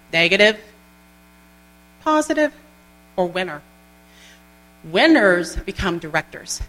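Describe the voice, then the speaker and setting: A woman giving an animated, folksy motivational training talk to a group. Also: medium pitch. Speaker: sales trainer. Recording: long hall reverb with mains hum.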